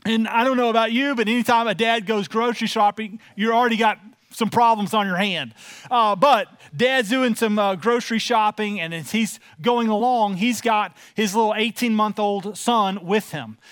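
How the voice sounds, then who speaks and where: A man's voice: high voice, moderate pace, a bit bright, no echo. A man in his forties preaching a sermon to his church in a conversational, folksy way, with frequent filler sounds. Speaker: pastor.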